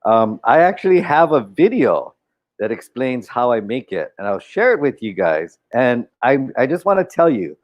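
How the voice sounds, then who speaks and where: Joking man with a lively voice. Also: medium pitch, normal speed, muffled recording. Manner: joking, teasing, laughs often. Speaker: co-host of a live stream. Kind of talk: casual live-stream chat. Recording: roomy echo with faint music.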